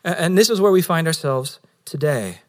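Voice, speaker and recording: A pastor preaching a Sunday sermon, earnest, rising for emphasis and dropping low and slow on key words. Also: male voice, expressive. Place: San Diego.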